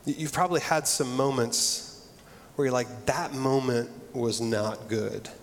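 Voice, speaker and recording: A man's voice: mid-range voice, measured pace, slight background noise. A middle-aged man preaching a sermon, earnest and conversational, often restarting his phrases. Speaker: pastor. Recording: long reverb of a large hall.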